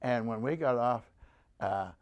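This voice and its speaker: The interviewee is a man in his nineties, a veteran with a clear, resonant, medium-pitched voice, recounting oral history. He rambles and stops and starts, restarting frequently while performing the voices of those he quotes.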